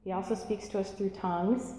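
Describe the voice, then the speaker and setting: Animated woman preaching in an echoey hall. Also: mid-range voice, a little fast. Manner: animated, laughing, asks the audience questions. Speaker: church teacher. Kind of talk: interactive sermon. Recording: echoey hall, faint room noise.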